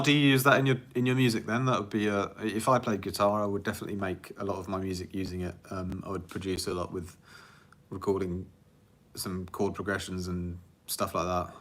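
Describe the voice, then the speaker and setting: A chatty man runs a casual livestream Q&A as a music producer and rambles through viewer questions. He laughs easily and makes fun of himself. His voice sits on the low side but comes across bright and forward. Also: fairly even intonation, moderate pace. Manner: rambling, chatty, laughs often, self-deprecating.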